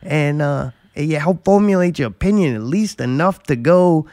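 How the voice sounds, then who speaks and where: A man's voice: a little high, lively intonation, normal speed, dark tone, dry recording. A man hosting a podcast who talks in a blunt, rambling way, swearing freely as he chats. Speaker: podcast host. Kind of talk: casual chat.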